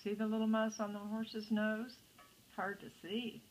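A woman's voice: medium pitch, little pitch movement, a little slow, faint music behind, low-quality recording. An older woman reading a picture book aloud to children, adding chatty asides to the listeners. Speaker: storytime reader.

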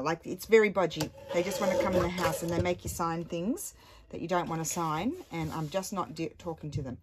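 Working on a craft at home, this woman talks briskly in a fairly low pitch, wandering off on asides and filling gaps with ums. The background is noisy.

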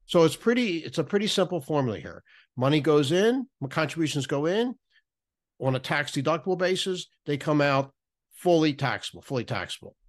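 Halting man explaining tax rules. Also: fairly high pitch, expressive. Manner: halting, with many restarts and repeated words. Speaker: podcast guest, federal benefits writer. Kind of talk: explanatory podcast talk.

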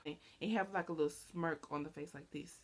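A woman's voice: fairly quick, husky. Chatty young woman vlogging. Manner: chatty and rambling, heavy on fillers; animated, acting out quoted lines in a higher voice. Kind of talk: casual chat to camera.

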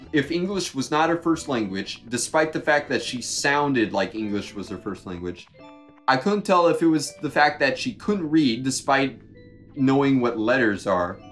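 A young man co-hosting a podcast, telling a work story in a casual, animated and exasperated way. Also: mid-range voice. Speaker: podcast co-host.

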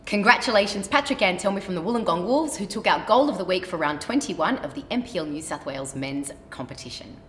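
A woman hosting a sports show, interviewing a guest and reading fixtures in brisk, friendly announcing. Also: lowish voice, expressive, fairly bright tone, echoey room. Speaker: show host. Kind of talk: interview and scripted sports segment.

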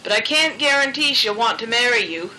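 A woman's voice: on the high side, expressive, brisk, pushed and bright, a little hiss or hum, rough recording. A woman doing a drowsy hedgehog pastor. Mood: sleepy. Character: sleepy reluctant male hedgehog pastor.

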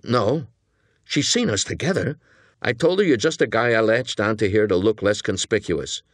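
Jittery, eager young hitman voiced by a male narrator, pitched up and animated, dry close audiobook sound. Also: no echo. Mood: nervous pleading. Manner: earnest, pleading, talking fast.

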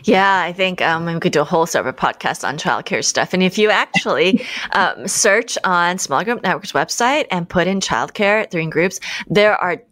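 A woman hosting a podcast interview who speaks in a thoughtful, measured way with frequent pauses. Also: on the low side, animated, fairly bright tone, no echo. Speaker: podcast host. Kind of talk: conversational interview.

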